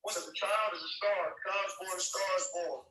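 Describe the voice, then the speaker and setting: A man's voice: high voice, fairly even intonation, fast, bright, forceful tone, echoey room, recorded from a distance, low-quality recording. A man hosting a live stream, preaching loosely and emphatically to listeners, using street slang and calling them man and brother.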